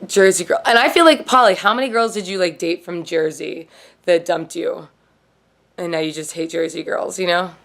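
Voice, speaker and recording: This show host has a lower, gravelly voice with a slightly bright edge and speaks at a moderate pace. Her TV recap vlog is loose and rambling, full of profanity and near-constant "like."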